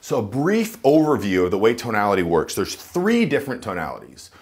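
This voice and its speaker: A man coaching viewers to camera, speaking emphatically and dropping into a low chest voice to demonstrate. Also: wildly swooping pitch, fairly quick. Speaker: dating and voice coach. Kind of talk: instructional talk to camera.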